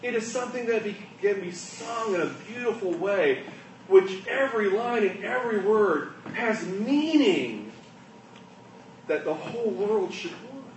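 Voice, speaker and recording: A man preaching a sermon, swinging between hushed asides and loud, emphatic lines. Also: sits high, expressive, a little slow, a little hiss or hum. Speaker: pastor. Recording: echoey room, mic at a distance.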